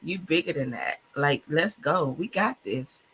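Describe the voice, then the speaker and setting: A woman speaks with fervent, heartfelt passion on a podcast, her voice bright and forward with a noticeable husky edge. She sometimes trips over her words, as a self-described stutterer would. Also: deep voice, lively intonation, a little slow. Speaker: podcast guest co-author. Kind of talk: emotional faith-filled podcast chat. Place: Clubhouse-style online audio room.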